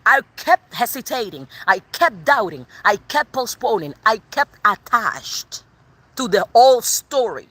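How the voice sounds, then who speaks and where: A woman giving a live tarot reading, excitable and expressive, swearing casually as she talks to viewers. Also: on the high side, a little slow. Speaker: tarot reader.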